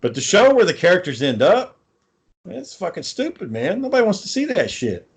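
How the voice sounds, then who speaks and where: A man's voice: high-pitched, huge pitch swings, a little fast, slightly rough. A man co-hosting a casual podcast chat, ranting with lots of swearing and sarcasm. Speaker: podcast co-host.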